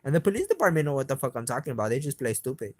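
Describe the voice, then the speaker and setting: A young man ranting on and on, swearing constantly, his voice climbing in pitch as he gets worked up. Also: big pitch swings, racing, dry recording. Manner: agitated, swears constantly, voice climbs when heated. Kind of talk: profane rambling rant to camera.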